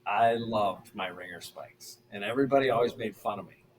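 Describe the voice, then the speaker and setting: A middle-aged man, a former pro pitcher, telling stories casually as a podcast guest and acting out the people he quotes. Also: fairly quick, a little hiss or hum, rough recording. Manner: animated, acts out quoted voices. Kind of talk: casual storytelling.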